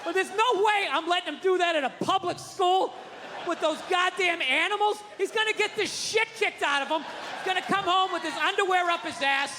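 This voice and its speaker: A man doing stand-up comedy, ranting loudly with profanity and shouted punchlines, on a stage before a live audience. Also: very high voice, brisk, big-room sound. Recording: live club with crowd laughter and noise.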